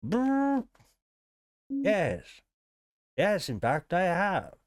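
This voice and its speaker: A man's voice: sits high, wildly swooping pitch, extremely slow, dry recording, voice pushed up, heavily acted. A man voicing a stiff, formal male warforged robot card dealer in a tabletop game. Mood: hopeful.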